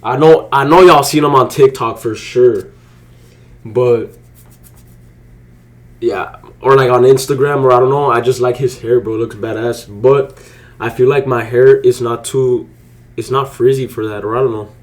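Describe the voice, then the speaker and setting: A young man casually commenting on his day trades to viewers, slangy and excitable, swearing freely. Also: mid-range voice, moderate pace. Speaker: day trading vlogger. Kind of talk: casual live commentary while trading.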